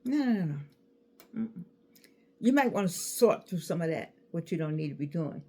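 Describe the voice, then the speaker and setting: Animated woman in her sixties. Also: on the low side, moderate pace. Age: 60s. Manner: animated, repeats words, bursts into laughter. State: toothache. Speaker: speaker addressing an audience. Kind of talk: casual motivational talk.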